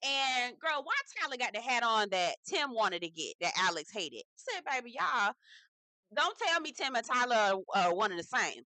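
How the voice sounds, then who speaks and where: Sex: woman. Role: reality TV recap host. Style: casual commentary. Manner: sassy and slangy, talks straight to viewers. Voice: bright and forceful. Sound: dry. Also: fairly high pitch, very animated, moderate pace, no echo.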